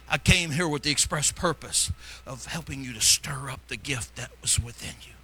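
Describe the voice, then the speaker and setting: A middle-aged man preaching a sermon as pastor, fervent, shifting between loud exhortation and quiet asides. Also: medium pitch, moderate pace, hardly any pauses, breathy edge.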